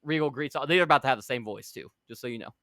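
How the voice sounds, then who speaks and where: A man's voice: mid-range voice, pushed and bright, no room sound, studio quality. A man hosting a casual podcast, narrating backstage scenes and arguing over scores with a laugh and the odd swear. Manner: quick, defensive, laughing, swears. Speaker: podcast host, storyteller of a fantasy wrestling league.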